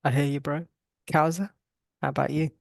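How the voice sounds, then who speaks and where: A man's voice: on the high side, little pitch movement, normal speed, gravelly, dry recording, clean studio sound. A man hosting a casual podcast over a video call, talking in a rambling, emphatic way. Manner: rambling, emphatic, calls guests bro. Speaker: podcast host.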